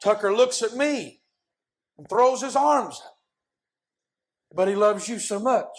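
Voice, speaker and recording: A man preaching a sermon as an impassioned storyteller who often shouts. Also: high-pitched, expressive, measured pace.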